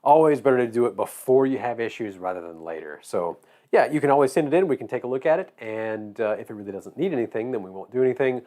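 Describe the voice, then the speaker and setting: A man from Georgia with a Southern accent, his voice going hoarse, chatting casually and rambling while he builds a model. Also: mid-range voice, fast. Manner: relaxed, rambling, drawling. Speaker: hobby shop owner.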